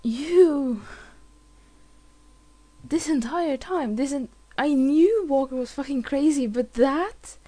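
A woman's voice: high-pitched, animated, slow, long pauses, dark tone. A woman hosting a let's play, giving emotional game commentary with swearing and lots of restarts.

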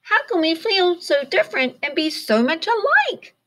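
A lively little bird boy, as a woman reading aloud voices him, pitched far above her usual tone. He is excitable and blunt, a small storybook character. His voice jumps high and loud. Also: moderate pace, exaggerated voice. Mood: wondering.

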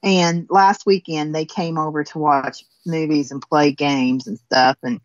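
A woman's voice: sits low, fairly even intonation, a little slow, muffled recording. A woman with a southern Indiana accent, chatting folksily as she demonstrates a finishing technique step by step. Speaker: guest crafter demonstrating finishing. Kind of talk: casual demonstration chat.

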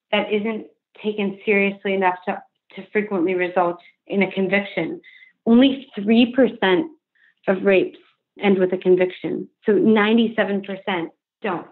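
A woman's voice: mid-range voice, fairly even intonation, unhurried. Earnest young woman on a phone line. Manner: earnest, heartfelt, frequent "like" fillers. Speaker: podcast guest, author. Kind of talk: candid interview conversation. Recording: phone-line remote call.

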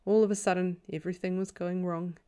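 A woman reading a novel aloud as a bedtime story in a calm, even storytelling voice. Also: on the low side, brisk, clean tone. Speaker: audiobook reader.

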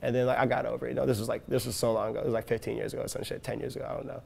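A young Chicago rapper tells crude, spirited stories during a casual interview, impersonating everyone he quotes. He talks fast with a rough, gravelly edge, and his pitch sits in an ordinary middle range.

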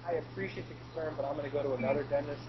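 A man's voice: a little high, fairly even intonation, racing, crowd noise, close to an everyday voice. Man putting on a fake New York accent, grumpy patient, hesitant mumbling, muffled sound. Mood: grumbling. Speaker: prank caller.

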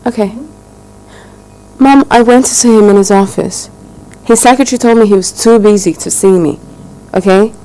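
A woman's voice: mid-range voice, normal speed, pauses often, mellow, natural voice, low-quality recording. An actress playing a spoiled young woman complaining indignantly to her parents about her neglectful partner, in a film drama. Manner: indignant, whiny.

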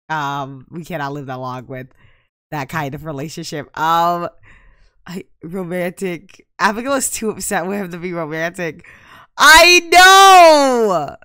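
A young woman giving casual gameplay commentary, exasperated and prone to loud outbursts. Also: sits low, no echo, studio quality. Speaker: gaming YouTuber.

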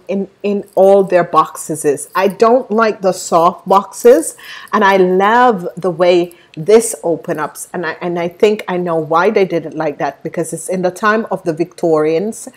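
A woman reviewing a tarot deck on her channel, gushing and rambling with many fillers and tangents. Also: lowish voice. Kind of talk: unboxing review vlog.

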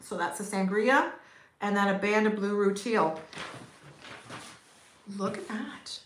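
A woman's voice: medium pitch, measured pace. A middle-aged woman from Canada, chatting casually and upbeat on a livestream, laughing often and talking to her viewers. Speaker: potter streaming live. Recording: echoey room with faint noise.

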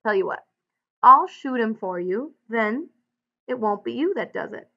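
A woman reading the part of a blunt, gruff male ranch hand in a folksy drawl, on a dull lo-fi recording. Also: fairly high pitch, expressive, unhurried, pushed and bright, heavily acted. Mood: insistent.

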